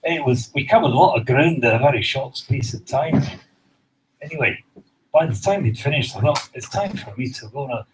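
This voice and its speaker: A man's voice: mid-range voice, animated, normal speed, noisy background. A man telling a long, rambling stand-up story with dry, self-deprecating understatement. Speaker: comedian.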